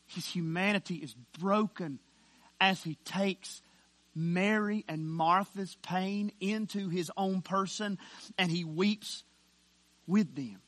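A man preaching a sermon as pastor, emphatic, dropping to a hush and then rising loud with slow stressed words. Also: high-pitched, no echo.

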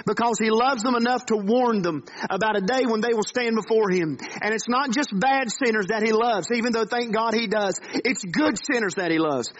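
A man's voice: extremely high pitch, a bit bright, dull audio, a little hiss or hum. A man preaching a sermon in a church, pleading with his listeners in earnest, repetitive appeals. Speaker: pastor. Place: church sanctuary.

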